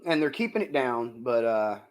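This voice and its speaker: A man narrating as game master of a tabletop game, descriptive and unhurried, with frequent fillers. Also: mid-range voice, sing-song, poor audio.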